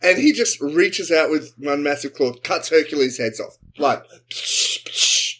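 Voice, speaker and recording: A man co-hosting a comedy podcast, improvising a sci-fi story and jumping into quick character voices. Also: a little high. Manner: animated, acts out characters in quick bursts. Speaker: podcast co-host.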